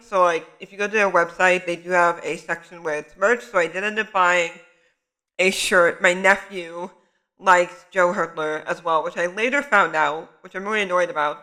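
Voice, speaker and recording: A man's voice: high voice, rough recording. A young man, a student photographer, casually telling a story to the camera in a chatty way full of "like" fillers. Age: young adult. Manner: chatty, many "like" fillers, animated retelling.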